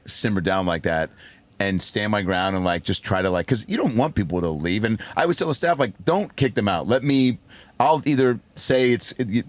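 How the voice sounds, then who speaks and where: A man, a comedian, telling a story in a casual podcast chat, animated, acting out voices and swearing freely. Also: on the low side. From raised by a single mother. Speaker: comedian guest.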